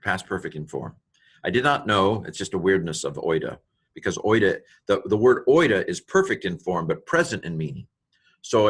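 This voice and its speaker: A man with a deep, low-pitched voice walks through a Greek text like a teacher at his desk. He thinks aloud, naming tenses and participles between frequent ums. Small grammar discoveries delight him. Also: a bit bright, slightly rough. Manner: thinks aloud, parsing each word with many ums and asides. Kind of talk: informal walkthrough of a Greek text.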